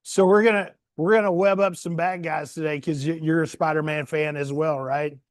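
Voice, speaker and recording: A man's voice: fairly high pitch, steady tone, normal speed, no echo, studio quality. A man from the Southern US with a country accent, talking in a friendly, folksy way to a crowd of children as a guest reader. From Southern United States. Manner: friendly, folksy, with many fillers. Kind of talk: casual talk to a crowd of children.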